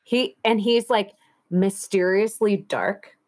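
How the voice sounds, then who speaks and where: A woman's voice: medium pitch, fairly even intonation, slow, darkish tone. A young woman in casual podcast chat, blunt and profane, often laughing.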